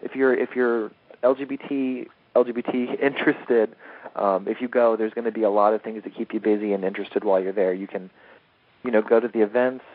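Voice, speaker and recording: Lowish-voiced man on a tinny phone line. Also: no echo. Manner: enthusiastic, rambling, laughs easily. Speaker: interview guest, comics editor. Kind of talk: casual interview chat.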